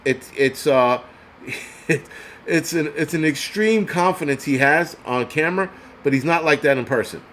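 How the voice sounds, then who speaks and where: A man in a heated livestream rant, swearing freely and tripping over his own words as he gets worked up. His voice sits a little high for a man. A faint hum runs underneath. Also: moderate pace, a bit bright. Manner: angry, profane, heated ranting; repeats and restarts words when worked up. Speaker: host of a prepping channel.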